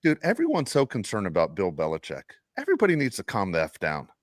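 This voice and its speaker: A podcast co-host who rants and tells stories with swings of pitch that rise and fall all over the place. He swears freely and talks with big energy. His voice is dry and close to the mic, with no room sound. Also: fast, dry recording. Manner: animated, profane ranting storyteller. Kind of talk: casual chat.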